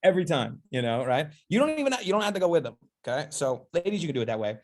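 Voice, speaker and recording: A man's voice: a little high, very animated, rapid-fire, darkish tone. A man giving a casual, upbeat sales training demonstration, chatty and playful, often checking in with his listeners. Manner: chatty, keeps asking "okay?" and "right?".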